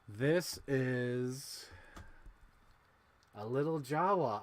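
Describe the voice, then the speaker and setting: A young man vlogging to camera, chatting excitedly about his childhood toys, swinging from loud squeals to quiet mumbles and swearing casually. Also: medium pitch, a little slow. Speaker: toy unboxing vlogger.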